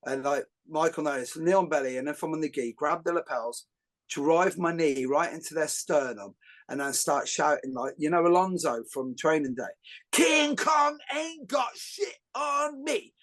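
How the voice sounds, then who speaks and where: A middle-aged man, hosting a podcast and telling jokey stories in a lively, rambling way with many fillers and restarts. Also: fairly high pitch, normal speed. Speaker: podcast host. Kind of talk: casual podcast conversation.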